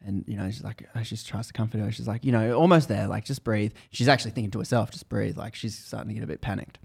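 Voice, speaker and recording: A man hosting a podcast, casually retelling a book's story in animated bursts that build tension. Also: lowish voice, rapid-fire, gravelly, slightly rough. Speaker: podcast host. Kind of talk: casual book recap chat.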